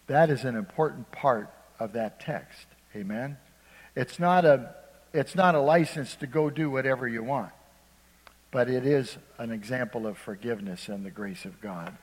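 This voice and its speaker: Male preacher, mid-pitched, emphatic sermon delivery, long hall reverb. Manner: emphatic, asks the congregation "Amen?" often, acts out quoted speakers.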